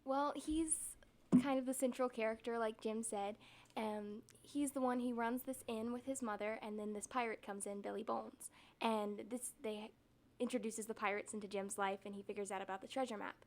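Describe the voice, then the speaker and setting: A woman's voice: on the high side, moderate pace. A young actress talking casually in an interview, her voice a little strained from rehearsals. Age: young adult. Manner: easygoing, relaxed explaining with fillers. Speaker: stage actress.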